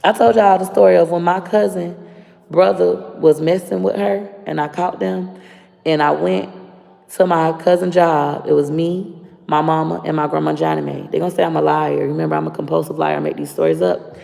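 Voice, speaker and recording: A woman's voice: low voice, normal speed, creaky, mellow. A woman with a Florida accent ranting bluntly and profanely to camera. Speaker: vlogger. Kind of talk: casual rant to camera. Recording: long reverb.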